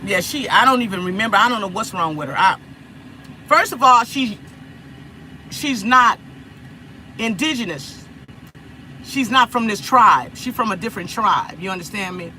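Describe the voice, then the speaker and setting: A woman's voice: medium pitch, lively intonation, moderate pace, long pauses, bright, forceful tone, a little hiss or hum, rough recording. A woman from Los Angeles chatting casually with viewers on a phone livestream, repeating herself and laughing often. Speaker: livestream host.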